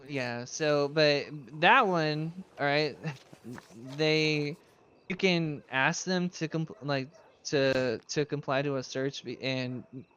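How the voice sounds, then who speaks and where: A man's voice: fairly high pitch, slow pace, fairly bright tone, a little hiss or hum. A man in a casual roleplay chat, training a new recruit as sheriff, rambling through stories, laughing often and swearing casually. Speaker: streamer playing a sheriff.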